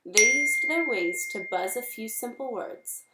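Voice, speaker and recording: A woman reading a children's novel aloud with gentle, expressive storytelling. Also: fairly high pitch, unhurried, echoey room, very noisy. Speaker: reader.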